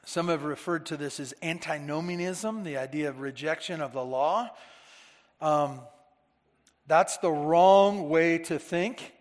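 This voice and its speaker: A man's voice: fairly high pitch, a little slow. A man preaching a Sunday-morning sermon to his church, earnestly repeating phrases for emphasis. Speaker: pastor. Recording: long reverb of a large hall.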